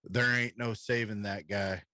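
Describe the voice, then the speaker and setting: A man playing a tabletop game, talking bluntly and gruffly with plenty of swearing. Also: on the low side, fairly even intonation, a little slow, pushed and bright, no echo. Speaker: player.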